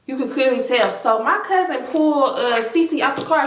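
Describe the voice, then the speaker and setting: A woman telling a storytime in an animated, slangy, exaggerating way. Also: sits high, moderate pace, few pauses. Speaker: storytime vlogger. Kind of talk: casual storytelling. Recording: echoey room.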